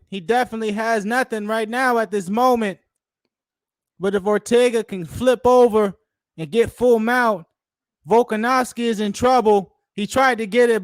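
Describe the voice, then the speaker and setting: A man putting on the voice of an excited play-by-play fight announcer, calling each move loud and high. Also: dry recording. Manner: high-pitched, loud, running ringside call.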